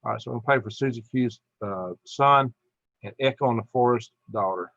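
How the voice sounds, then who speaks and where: A man's voice: medium pitch, brisk, gravelly, a bit bright, no echo, dull audio. A middle-aged man hosting a casual live stream, reading viewer comments aloud in a chatty, tired way. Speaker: livestream host.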